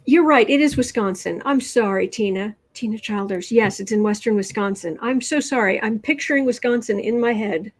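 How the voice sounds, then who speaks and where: Chatty woman hosting a tarot livestream. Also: on the high side. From Midwestern United States. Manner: chatty, quick asides, reads viewer comments aloud. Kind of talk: casual livestream chat reading cards and comments.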